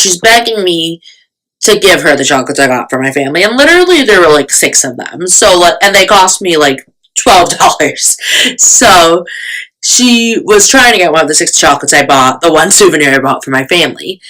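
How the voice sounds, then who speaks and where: A woman's voice: on the low side, expressive, normal speed, pushed and bright, poor audio. A young woman vlogger telling a storytime in casual, chatty talk, full of fillers and self-mocking asides.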